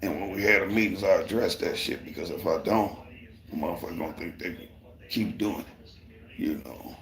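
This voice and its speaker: A middle-aged man rants to his live-stream viewers about trouble at his construction job. His voice sits low and deep, and it carries a roomy echo. He swears freely, and his delivery stays heated all the way through. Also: a little fast, fairly bright tone. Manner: profane, heated retelling. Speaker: construction worker and livestreamer. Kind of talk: casual storytelling on a live stream.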